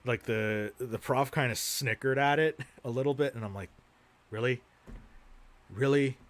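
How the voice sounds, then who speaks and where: A young man streaming casually, talking through his film shelf in a loose, rambling way. He swears constantly and drifts into rants before catching himself. His pitch sits in an ordinary middle range for a man. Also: normal speed, a bit bright. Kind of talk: casual livestream chat.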